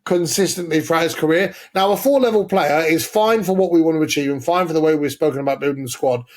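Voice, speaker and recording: A man's voice: on the high side, fast. A man co-hosting a casual football podcast, opinionated and sweary, laying out his arguments step by step. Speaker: podcast co-host.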